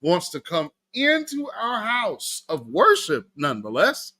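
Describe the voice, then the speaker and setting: Hosting a live stream, a man delivers laid-back political commentary, chatting with his viewers in an animated way and laughing a lot. His voice is high-pitched and a little slow.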